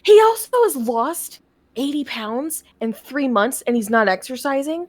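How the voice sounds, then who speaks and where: A woman's voice: high-pitched, big pitch swings, unhurried. A young woman chatting casually on a game stream, telling a long story in a rambling way and swearing often. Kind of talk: casual chat.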